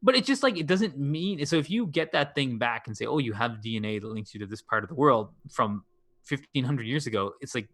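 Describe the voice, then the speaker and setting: A man's voice: mid-range voice, lively intonation, brisk, a bit bright, dry recording. Rambling man on a dry mic. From Canada. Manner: meandering, thinks aloud with frequent restarts. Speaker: podcast co-host. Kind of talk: casual chat.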